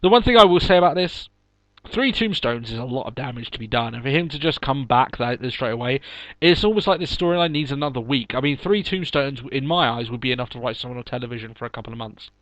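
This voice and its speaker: A man's voice: mid-range voice, lively intonation, quick pace, a bit bright, no room sound, poor audio. A man with a mid-range voice co-hosts a casual chat podcast. He rambles with fillers and laughs often. The sound is close and dry, with little room. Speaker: podcast co-host.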